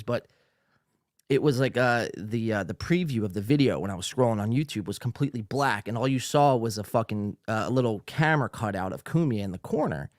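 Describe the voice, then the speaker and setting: A man's voice: mid-range voice, no echo, clean studio sound. Rambling, profane male podcast host. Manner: rambling, profane, with frequent fillers and restarts. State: a little tipsy. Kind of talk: ranting casual commentary.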